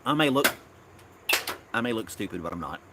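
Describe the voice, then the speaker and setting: A man with a fairly low voice rambles through a casual live stream from his backyard. He chuckles often as he talks. Faint crickets hum in the background. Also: expressive, brisk, sharp tone. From Tennessee. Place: outdoors in a backyard.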